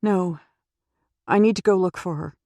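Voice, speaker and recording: A woman's voice: fairly low pitch, normal speed, dark tone, dry recording, lightly acted. A woman voicing a wary, weary woman on the run, giving short, guarded replies.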